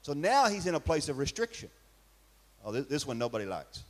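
A man's voice: fairly high pitch, sing-song, brisk. A man preaching a sermon in a church, emphatic and firing rhetorical questions at his congregation. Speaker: pastor.

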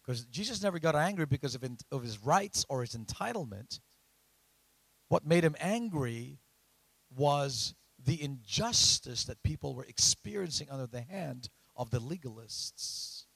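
A man preaching a sermon, often asking the congregation questions and rising to loud emphatic lines. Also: mid-range voice, animated, a little slow, vocal fry, breathy edge, no echo. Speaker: pastor.

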